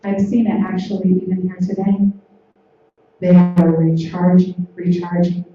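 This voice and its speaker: A woman giving a gentle, repetitive spiritual talk from a conference stage. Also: on the low side, completely flat delivery, unhurried, slight background noise. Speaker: conference speaker. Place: large hall on stage. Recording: echoey hall from far off, dull lo-fi.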